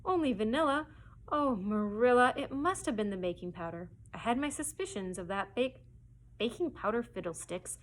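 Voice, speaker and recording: A woman's voice: medium pitch, expressive, close to an everyday voice. Woman doing stern old Marilla. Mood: scolding. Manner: brisk, scolding. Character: stern, sharp-tongued older spinster guardian.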